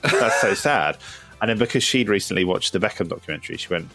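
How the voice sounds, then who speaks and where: Male host, very low gravelly voice, lively delivery, chatty, self-mocking. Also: fast, faint music behind. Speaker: podcast host. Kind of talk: casual chat.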